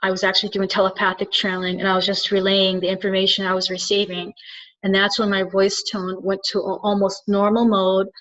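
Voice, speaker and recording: A woman's voice: mid-range voice, completely flat delivery, fairly quick, fairly bright tone. A woman who works as a spiritual channeler, talking earnestly to the camera and thinking aloud as she goes. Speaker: spiritual channeler and soul coach. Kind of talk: reflective solo talk to camera. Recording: dull lo-fi recording.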